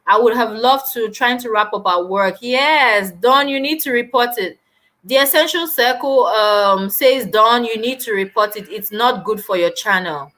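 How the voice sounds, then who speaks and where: A woman's voice: fairly high pitch, unhurried, a bit bright. A young woman hosting a live stream, chatting casually and animatedly while answering viewer comments.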